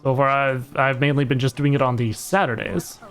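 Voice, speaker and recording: A man's voice: medium pitch, little pitch movement, a little fast, fairly bright tone. A young man streaming a game live, chatting casually with viewers and teammates, laughing often. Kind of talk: casual live-stream chat while gaming.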